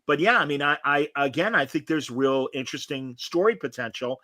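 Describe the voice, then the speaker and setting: Bright-voiced opinionated man. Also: on the high side, a little fast, no echo. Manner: opinionated, animated, trailing restarts. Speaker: podcast co-host. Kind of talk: casual chat.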